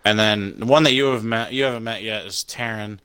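A man's voice: lowish voice, fairly quick, smooth, dry recording. A young man casually chatting, telling stories animatedly and swearing a lot. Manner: profane storytelling, laughing and animated. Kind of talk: casual chat.

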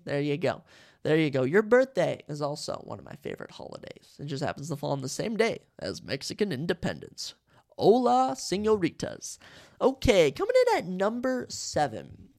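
A young American man hosting a podcast on his own, joking and rambling through a countdown list, swinging between hyped outbursts and mumbled asides. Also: sits high. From United States. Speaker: podcast host. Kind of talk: casual solo podcast chat.

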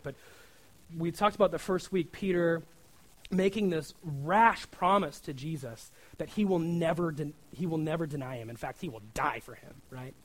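A man giving a sermon in a relaxed, conversational way. He often checks in with "right?" and acts out the prayers he quotes. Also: a little high, low-quality recording. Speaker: preacher.

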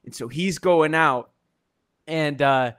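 Animated young man spinning a story. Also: on the high side, slow pace, smooth. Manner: animated storytelling, acts out scenes with sound effects and shouts. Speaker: co-host. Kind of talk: casual brainstorming chat.

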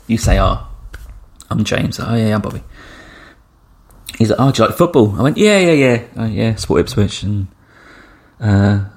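A man's voice: fairly low pitch, moderate pace, pauses often, a little mellow, breathy edge. A man hosting a travel podcast, telling a story in a chatty way and acting out the people he quotes. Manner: chatty, acts out quoted dialogue with shifting voices. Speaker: podcast host. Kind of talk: casual storytelling.

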